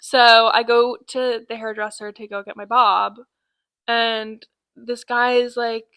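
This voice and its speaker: Nineteen-year-old podcast co-host, high-ish bright voice, animated storyteller. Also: female voice, slow, dry recording, poor audio. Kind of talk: casual chat, storytelling.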